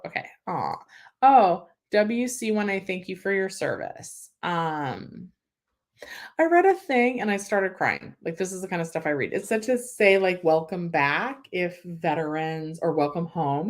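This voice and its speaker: A woman's voice: lowish voice, animated, moderate pace. A young woman from California hosting a casual livestream, reading viewer comments and chatting with lots of "like" and "um" fillers. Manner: chatty, emotional, many "like" and "um" fillers.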